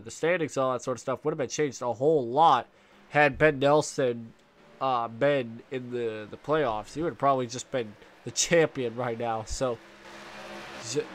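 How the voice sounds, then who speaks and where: A young man with a stuffy, congested voice doing play-by-play commentary of a sim race, rambling with fillers and restarts and jumping up at the close moments. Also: mid-range voice. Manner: rambling with fillers and restarts, excited bursts at contact. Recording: faint engine noise behind.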